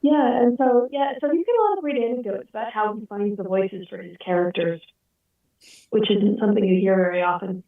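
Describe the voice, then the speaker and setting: A woman's voice: mid-range voice, brisk, vocal fry, recorded from a distance. Woman telling anecdotes over a tinny line. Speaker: voice actor in a group meeting. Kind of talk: casual storytelling chat. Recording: tinny phone-like line, echoey.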